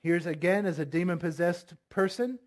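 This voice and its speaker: Man, high-pitched voice, pastor, sermon, asks congregation questions, forceful scripture reading. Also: normal speed. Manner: reads scripture aloud, voicing commands forcefully.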